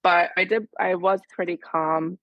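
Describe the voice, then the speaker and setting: A woman's voice: lowish voice, steady tone, measured pace, no room sound, highs cut off. A mother in a coaching session, recounting her week in a rambling, filler-heavy way. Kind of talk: casual chat.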